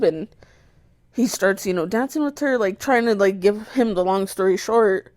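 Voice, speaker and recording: Young woman podcaster, swears a lot, acts out the yelling, mid voice, dry close mic. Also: medium pitch, normal speed, no room sound. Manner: animated retelling, swears a lot, acts out her own shouts. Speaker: podcast co-host. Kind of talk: casual storytelling chat.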